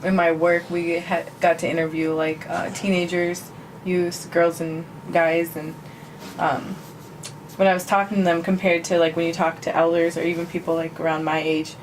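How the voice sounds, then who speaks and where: A woman in her late twenties on a podcast, chatting in a relaxed way with plenty of "um" and "like". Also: fairly low pitch, moderate pace, slight background noise, rough recording. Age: 20s. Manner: relaxed, self-teasing, fillers like "um" and "like". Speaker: podcast co-host. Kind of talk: casual chat.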